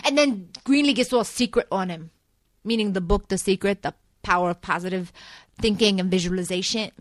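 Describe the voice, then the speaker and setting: A woman hosting a casual talk show, recapping soap opera episodes in an animated, chatty way full of fillers and laughs. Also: medium pitch, fairly quick, dry recording. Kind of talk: casual chat.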